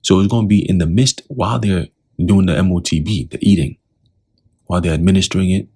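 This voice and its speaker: A man's voice: low-pitched, brisk, dark tone, breathy edge. A man teaching scripture in a loose, talkative way, often putting questions to the listener.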